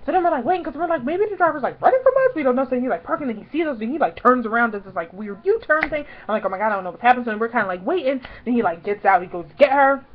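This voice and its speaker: Young woman vlogger, twenties, higher voice, chatty storyteller, dull lo-fi home audio. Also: expressive, very fast, few pauses. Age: 20s. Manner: chatty, fills talk with "like", acts out her own past lines loudly. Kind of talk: casual storytelling vlog.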